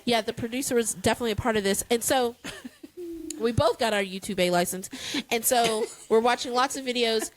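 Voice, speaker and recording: A woman's voice: on the high side, a little fast, slight background noise, low-quality recording. A woman co-hosting a casual chat, telling a story dramatically with playful exasperation. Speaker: podcast co-host.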